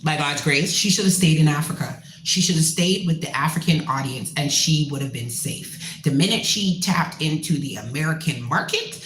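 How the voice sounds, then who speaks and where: A woman from Canada, a musician hosting her own show, ranting in a blunt, profane and animated way. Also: low-pitched, moderate pace, hardly any pauses, roomy sound, slight background noise, low-quality recording. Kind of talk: casual rant.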